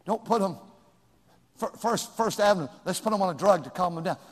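An older man preaching a sermon as pastor, swinging from shouted points down to hushed asides. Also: high-pitched, animated, a little fast, slightly rough. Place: church sanctuary. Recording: long reverb in a large room.

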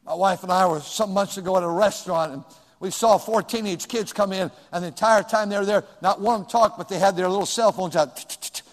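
An older man preaching a folksy sermon, swinging between loud outbursts and quiet asides. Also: sits high, brisk, big-room sound. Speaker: pastor.

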